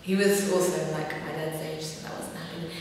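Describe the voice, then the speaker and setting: A woman's voice: deep voice, fairly even intonation, fairly quick, a little mellow, a little hiss or hum. A young woman vlogger chatting casually, telling funny stories with laughs and fillers. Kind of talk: casual storytelling. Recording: very echoey room, far from mic, faint ambience.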